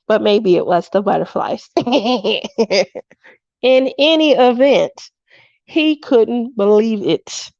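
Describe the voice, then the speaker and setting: A woman's voice: mid-range voice, takes it slowly, a little mellow, dry recording, dull audio. A woman in her fifties hosting a craft livestream, chatting casually and telling stories with frequent laughs, acting out what people said. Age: 50s. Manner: chatty storyteller who laughs often and acts out quotes.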